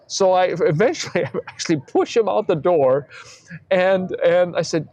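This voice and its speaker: A man's voice: a little high, animated, moderate pace, darkish tone, a little hiss or hum. A man, an architect, answering interview questions in an earnest, emphatic way. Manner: earnest and emphatic, tells anecdotes with voiced quotes.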